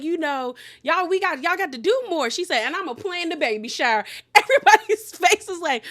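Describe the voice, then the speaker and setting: A woman casually recapping a reality show, animated and laughing often, quoting people in sassy asides. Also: very high-pitched, brisk, hardly any pauses.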